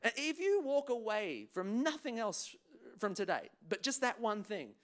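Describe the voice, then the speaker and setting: A man, a clinical psychologist, giving a playful, animated conference talk on emotional health. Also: high-pitched, moderate pace. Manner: animated, playful, acts out voices. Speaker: guest speaker, clinical psychologist.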